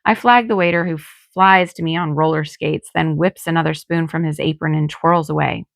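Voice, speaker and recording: A woman reading her own novel aloud in calm first-person narration. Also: sits low, moderate pace, creaky, dry recording. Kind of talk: audiobook reading.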